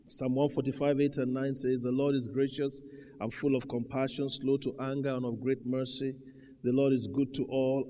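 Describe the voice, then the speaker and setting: A male pastor preaching a sermon, swinging from quiet talk to loud shouts and bursts of faith-filled laughter. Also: medium pitch, long reverb tail, slight background noise.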